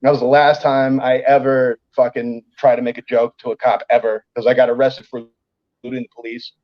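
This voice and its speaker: The recording is muffled, capturing a man with a medium-pitched, brisk delivery. He's a comedian guest telling a story in casual, profane language, animatedly acting out the voices of the people involved.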